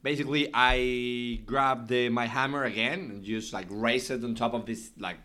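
A man playing a tabletop game, describing his character's actions in halting, non-native phrasing. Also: medium pitch, steady tone, sharp tone. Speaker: player. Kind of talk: casual tabletop game play.

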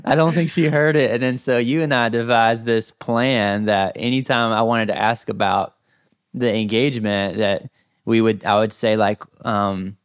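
A man with a Southern US accent hosts a podcast in easygoing chat. His voice sits on the low side, and he rambles with plenty of filler words. The sound is dry and close. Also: steady tone, normal speed, clean tone, dry recording. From southern United States. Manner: friendly, rambling, many "like" fillers. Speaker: podcast host. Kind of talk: casual conversation.

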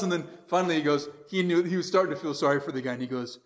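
A man's voice: a little high, racing, hardly any pauses. A man with an American accent, a priest teaching a catechism class in a conversational lecture style, telling anecdotes and reading passages aloud. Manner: conversational, tells anecdotes with quoted voices, reads passages aloud.

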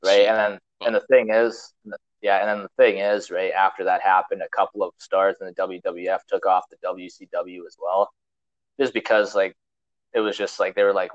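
A man's voice: low-pitched, level tone, normal speed, no room sound, highs cut off. A man hosting a podcast, telling a long story in a casual, rambling, profane way with lots of fillers. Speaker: podcast host.

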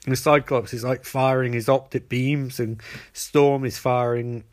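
A man's voice: medium pitch, fairly even intonation, a little slow. Rambling comic recapper, a man. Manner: rambling, joking, many restarts.

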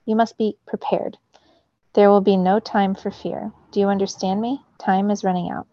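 A woman's voice: mid-range voice, level tone, moderate pace, mellow, no echo, lo-fi sound, close to an everyday voice. A woman voicing an ancient, stern male storm god who speaks in a grave, commanding way.

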